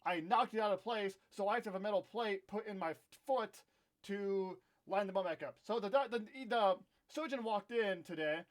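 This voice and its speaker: A young man with a notably high speaking voice tells a casual storytime vlog straight to his camera. He rants candidly and often pokes fun at himself. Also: moderate pace. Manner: candid, ranting, self-deprecating. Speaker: vlogger. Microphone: own camera.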